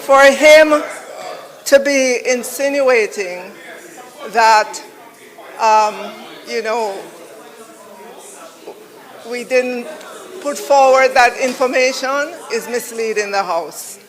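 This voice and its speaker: Man, government minister; very high, slow voice, indignant and insistent in debate. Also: a faint crowd, rough recording. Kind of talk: point of order in a parliamentary debate.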